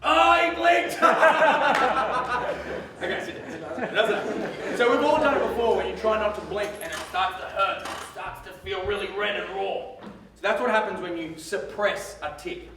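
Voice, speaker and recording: A high-pitched Australian man in his twenties jokes his way through a lively talk to a school crowd, stretching words out for effect. Crowd noise and faint room sound surround him, and his slightly raised voice, distant from the mic, bounces around a big, echoey theatre.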